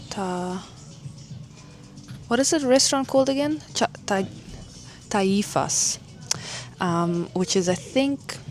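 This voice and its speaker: A woman chatting casually to camera in a travel vlog, rambling with lots of fillers, filmed on a handheld phone. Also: lowish voice. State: hiccuping. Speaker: travel vlogger. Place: city streets and hotel lobby.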